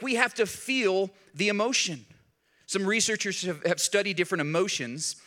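A man preaching a sermon in a conversational, earnest way, dropping low and soft at key points and rising when he pleads. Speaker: pastor.

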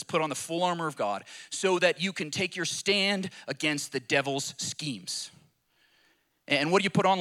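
Bright-voiced man preaching with passion. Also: on the high side. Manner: impassioned, repetitive preaching cadence with rhetorical questions. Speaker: pastor. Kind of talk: sermon.

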